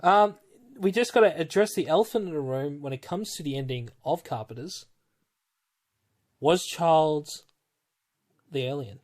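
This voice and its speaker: A man with a fairly high voice chatting about a film on a podcast. He is animated and stumbles through restarts. His talk is casual and quick to react. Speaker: podcast co-host. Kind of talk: casual film review chat.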